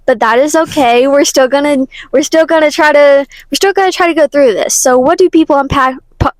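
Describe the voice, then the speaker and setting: A woman's voice: high voice, fairly quick, no room sound, rough recording. A teenage girl hosting a casual podcast with her mother, tired and foggy, rambling and self-correcting with giggles. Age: teens. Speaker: podcast host.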